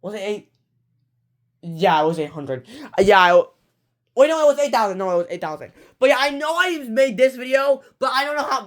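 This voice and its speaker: A young channel creator in their late teens giving a casual update, rambling in rushed bursts with many restarts and self-corrections. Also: medium pitch, expressive. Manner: breathless rush, trailing off with fillers. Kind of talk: casual rambling vlog talk.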